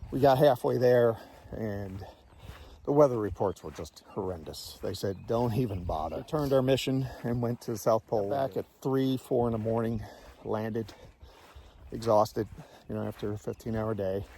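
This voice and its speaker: A man's voice: on the low side, moderate pace, mellow, slight background noise. A man in his sixties, a Navy veteran telling a casual war story in a blunt, salty way and swearing freely.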